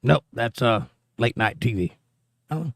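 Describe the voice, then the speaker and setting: A man's voice: mid-range voice, animated, normal speed, gravelly, dry recording. Argumentative male livestream host, dry sound. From United States. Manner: argumentative, sarcastic. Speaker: livestream host reading chat. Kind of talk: political livestream chat.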